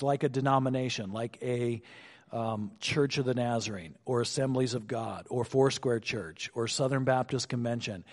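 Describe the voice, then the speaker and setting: A male pastor preaching an expository sermon, slowing down to stress points and dropping his voice on asides. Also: a little mellow. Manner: expository, slows for emphasis, drops low on asides. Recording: long hall reverb.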